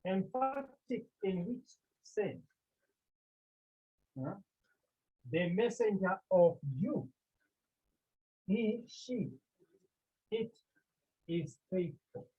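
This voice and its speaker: Language teacher, mellow and slow, quizzes the class as he goes; dull lo-fi recording. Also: mid-range voice, very animated, breathy edge. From Cameroon. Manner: repeats key words and asks the class rhetorical questions. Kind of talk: classroom lecture.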